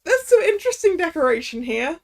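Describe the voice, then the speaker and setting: High-voiced woman musing over a game. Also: very animated, fairly quick, gravelly, a little hiss or hum. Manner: musing, self-correcting, chatty. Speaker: let's play streamer. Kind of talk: game playthrough commentary and reading.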